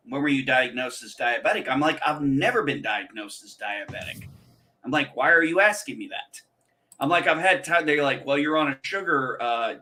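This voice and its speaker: A man's voice: medium pitch, bright, forceful tone. A man hosting a casual chat, telling rambling stories and swearing freely. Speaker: podcast host.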